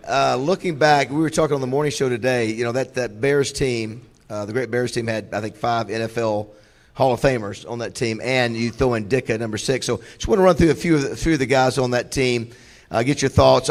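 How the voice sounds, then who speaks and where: A man hosting a club event, asking loose, halting questions and calling for video clips. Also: medium pitch, steady tone. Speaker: host. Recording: gravelly voice with long hall reverb.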